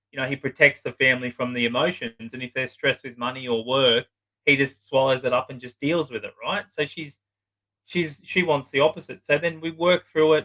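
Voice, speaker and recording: A middle-aged man with a bright, forceful voice shares client stories in a loose interview. His talk is blunt and full of profanity. He often slips into acting out what other people said. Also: medium pitch, rough recording. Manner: blunt, swears freely, acts out clients' lines. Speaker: psychotherapist guest. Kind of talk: casual storytelling interview.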